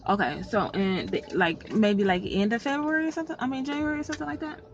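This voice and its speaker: A woman's voice: a little high, steady tone, quick pace. A woman vlogger telling a story in a casual storytime vlog, blunt and profane, sounding fed up. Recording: slightly muffled with faint background noise.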